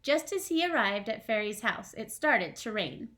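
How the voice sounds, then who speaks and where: A woman's voice: on the high side, sing-song, normal speed, sharp tone. A young woman, a first grade teacher at home, reading a storybook aloud and chatting with her class. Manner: chatty, asks the kids questions.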